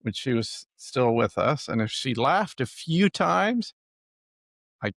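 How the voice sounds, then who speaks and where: A man hosting a podcast, asking questions in an easygoing, measured way. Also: medium pitch, big pitch swings, vocal fry, a bit bright, no echo, clean studio sound. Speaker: podcast host. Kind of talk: casual interview chat.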